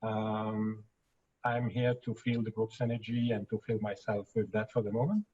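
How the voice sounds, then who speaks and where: A man with a French accent on a video call, speaking briefly and calmly. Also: lowish voice, moderate pace, slightly rough, muffled recording. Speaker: group participant.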